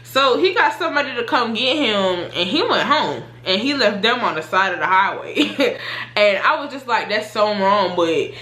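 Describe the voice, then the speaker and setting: Chatty young woman with a bright voice. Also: moderate pace, roomy sound. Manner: animated retelling, voices her own past reactions with rising pitch. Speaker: storytime vlogger. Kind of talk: casual storytelling.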